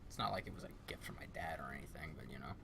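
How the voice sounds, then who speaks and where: A man's voice: a little high, sing-song, a little slow, fairly bright tone, voice pushed up, heavily acted. A man voicing a small, skittish male fae who mumbles, trails off and swears a lot. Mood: glum.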